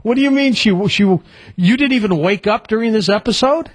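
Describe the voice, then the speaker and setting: A man hosting a call-in radio show, quizzing callers in a lively, questioning way. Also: sits high. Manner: lively, questioning, quick to laugh. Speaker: radio talk show host.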